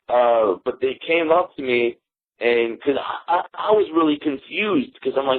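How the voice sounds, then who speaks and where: A man's voice: medium pitch, animated, normal speed. A man being interviewed as a guest comedian, telling jokey stories and laughing at them. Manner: joking, laughs at his own stories. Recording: tinny phone-like radio audio.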